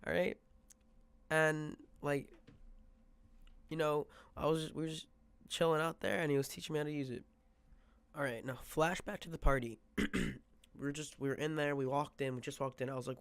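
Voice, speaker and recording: A man's voice: mid-range voice, fairly even intonation, brisk, creaky. A young man telling a rambling storytime, full of fillers and quoted asides, sometimes dropping to a whisper. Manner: drops to a whisper for quoted thoughts. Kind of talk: casual storytime vlog.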